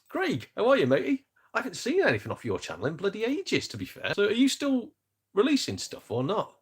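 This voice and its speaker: A man's voice: fairly low pitch, breathy edge. A man hosting a casual gaming live-stream chat, rambling and self-deprecating with jokes. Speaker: gaming YouTuber host.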